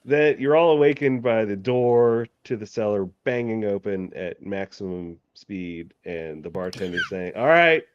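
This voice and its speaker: A man narrating a tabletop game as game master, halting and full of fillers, through a dull, lo-fi mic. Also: lowish voice, no echo.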